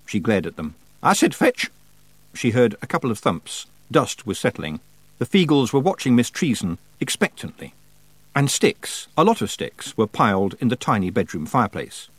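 A man reading an audiobook in measured scripted narration. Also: on the low side, very animated, breathy edge, no echo. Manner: measured storytelling.

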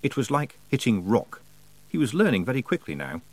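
Expressive male audiobook narrator. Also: mid-range voice, dry recording, poor audio. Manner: expressive, measured storytelling. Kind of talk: scripted narration.

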